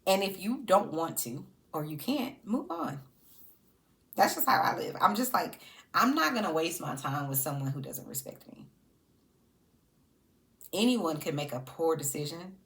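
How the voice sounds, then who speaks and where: A sassy woman gives casual reaction commentary on reality TV. Her low-pitched voice swings widely and animatedly, and she breaks into laughter often. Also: sing-song, a little slow, vocal fry, long pauses, fairly bright tone.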